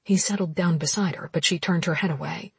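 A woman narrating a romance novel as an audiobook in steady, intimate storytelling. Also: on the low side, brisk, vocal fry, slightly rough, dry recording.

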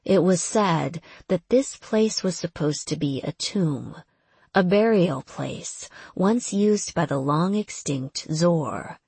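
A woman narrating a fantasy audiobook in a measured, steady manner. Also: lowish voice, slightly rough, dry recording. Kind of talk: scripted narration.

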